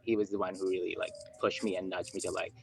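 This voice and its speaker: A man speaking earnestly as a candidate in an online meeting, thankful and quick to laugh. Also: low-pitched, flat delivery, a little mellow, slight background noise, low-quality recording. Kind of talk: virtual meeting speech.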